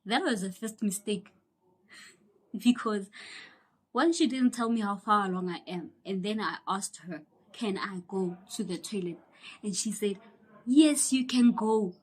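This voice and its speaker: A young South African woman telling a personal story in a casual, animated way, acting out the people she quotes and sometimes dropping into a whisper. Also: mid-range voice, measured pace, breathy edge. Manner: animated, acts out quoted voices, drops into whispers. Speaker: YouTuber.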